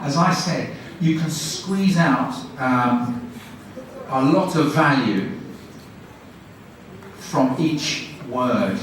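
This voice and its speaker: A man giving a guest lecture, demonstrating classroom teaching with brisk questions and quick praise. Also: mid-range voice, slight background noise. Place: university lecture room. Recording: echoey room from a distant mic.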